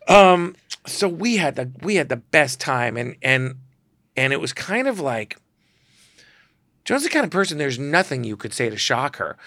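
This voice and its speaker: Give me a man with a gravelly, bright voice telling animated stories. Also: mid-range voice, normal speed, no room sound, clean studio sound. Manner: animated, quotes people in voices. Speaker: guest photographer. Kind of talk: casual storytelling.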